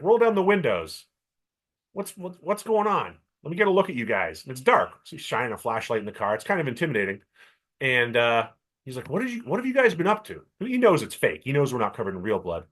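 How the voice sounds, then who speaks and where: A middle-aged man from Canada, co-hosting a podcast and telling a long story with lively acted-out quotes. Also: mid-range voice. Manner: animated storyteller, acts out quoted voices. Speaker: podcast co-host. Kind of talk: casual chat.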